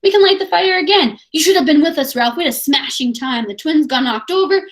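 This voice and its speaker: A woman reading aloud the lines of a boastful, excited boy hunter from a novel, eager and proud, noticeably higher than her own voice. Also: brisk.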